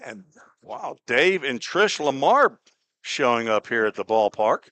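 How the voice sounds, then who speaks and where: A man from Cincinnati calling a baseball game play by play, chatty and folksy, drifting into small talk between pitches. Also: big pitch swings, measured pace, sharp tone, no echo. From Cincinnati, Ohio. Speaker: play-by-play announcer. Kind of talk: live baseball radio commentary.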